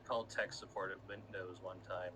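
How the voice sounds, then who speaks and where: A man telling a funny story to his friends in casual chat, animated and laughing at himself. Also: low-pitched, fairly quick, slight background noise.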